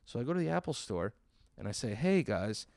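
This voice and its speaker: A man's voice: medium pitch, sing-song, a little fast, darkish tone, no room sound. A man telling a stand-up story in a sarcastic, exasperated way, acting out the people in it. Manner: exasperated, sarcastic retelling with acted-out quotes.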